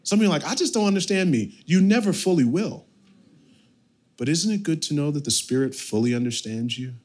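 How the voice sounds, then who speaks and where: Pastor, male, thirties, slightly high voice, lively storytelling sermon with sharp loud-soft swings. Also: a little fast. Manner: storytelling, animated, with sudden loud and quiet turns.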